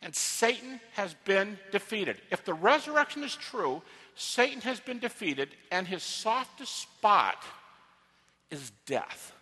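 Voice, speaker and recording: A high-voiced, lively man lectures like a preacher, bright and emphatic, swinging from hushed to loud. His voice carries a long auditorium reverb. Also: takes it slowly, slightly rough. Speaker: lecturer on religion. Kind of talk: sermon-like lecture.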